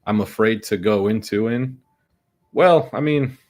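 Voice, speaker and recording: Low-voiced sarcastic man with a headache. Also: a little slow, a little mellow. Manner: sarcastic, joking, mumbling asides. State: suffering a headache. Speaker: day trading streamer. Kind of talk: casual livestream commentary.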